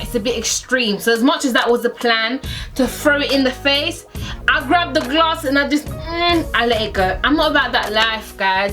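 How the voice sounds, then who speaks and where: A young woman tells a story from her own life in a relaxed vlog style, and she acts out every quoted line with dramatic jumps in pitch. Her voice sits a little high. Soft music plays faintly underneath. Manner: animated, acts out quotes with big pitch swings. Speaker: storyteller vlogger. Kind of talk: casual story time.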